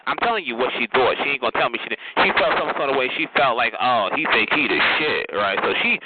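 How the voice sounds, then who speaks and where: Sassy guy calling everyone honey and child, cussing on a chat line, pitchy and all over the place, noisy phone sound. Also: very animated, very fast, phone-quality sound. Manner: sassy, profane, calls listeners honey and child.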